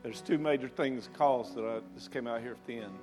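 A man's voice: medium pitch, brisk. A man, a pastor, earnestly sums up the calls at the end of a sermon. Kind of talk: sermon wrap-up. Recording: soft guitar playing behind.

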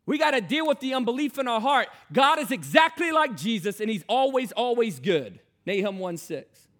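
A man preaching a sermon, moving between quiet storytelling and loud, urgent exhortation. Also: very high-pitched, sing-song, moderate pace.

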